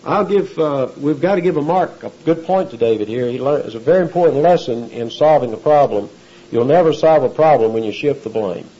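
Man preaching in a dark, husky voice. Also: medium pitch, a little fast, dull audio. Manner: conversational, asks the audience questions. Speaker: pastor. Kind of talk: expository sermon.

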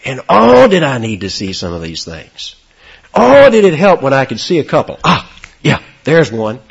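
Man, sermon, husky voice, lively swooping pitch, dull lo-fi recording. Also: moderate pace. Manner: animated preaching with sudden high, loud emphasis. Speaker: pastor.

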